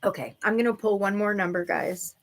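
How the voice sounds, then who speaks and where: A woman's voice: medium pitch, steady tone, brisk. A woman giving intuitive readings to viewers on a livestream, bubbly and giggly, full of "like" and "okay". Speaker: livestream psychic reader.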